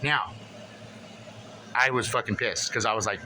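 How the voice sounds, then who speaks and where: A man's voice: medium pitch, unhurried, long pauses, sharp tone, slight background noise, rough recording. Agitated, profane man venting to camera. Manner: agitated, profane, rambling with many restarts. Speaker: vlogger. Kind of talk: casual venting monologue to camera.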